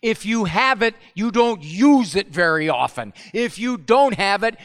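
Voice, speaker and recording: Middle-aged male speaker, lively storyteller, slightly high voice, long hall echo. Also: unhurried, few pauses. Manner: animated storyteller, acts out family voices. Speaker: speaker at a parenting talk. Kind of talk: humorous live talk.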